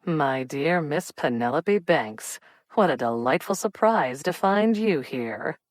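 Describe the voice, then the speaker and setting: Picture a smug young playboy drawling lines to charm a table of guests, as a woman narrator puts him on. The voice sits deep and unhurried, each word stretched with self-satisfaction. It is recorded dry and close, with no room around it. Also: expressive, dry recording. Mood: teasing. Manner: slow, drawling and theatrical. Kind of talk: audiobook character reading.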